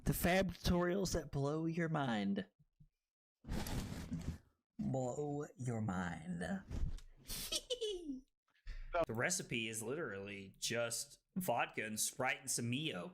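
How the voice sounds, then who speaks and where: A man's voice: mid-range voice, lively intonation, slow, long pauses, a little hiss or hum. A tipsy man streaming, chatting in a rowdy, profane, joking way and often breaking into giggles. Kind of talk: rowdy casual stream chat.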